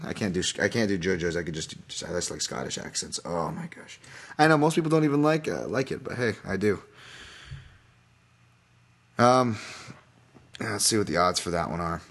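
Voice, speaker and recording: Rambling low-voiced male podcast host. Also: big pitch swings, normal speed, pauses often, a bit bright, slightly rough. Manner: rambling, self-deprecating, many fillers and restarts. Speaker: podcast host, fight analyst. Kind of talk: casual solo podcast breakdown.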